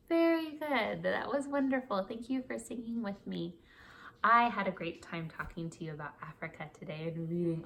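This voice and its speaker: A woman's voice: mid-range voice, vocal fry, a bit bright. A woman reading a picture book aloud and teaching young children, encouraging them to repeat words after her.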